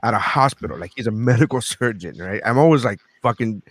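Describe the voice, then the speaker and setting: A man's voice: mid-range voice, expressive, quick pace, no echo. Profane storytelling man, dry sound. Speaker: podcast host and comedian. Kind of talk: casual podcast chat.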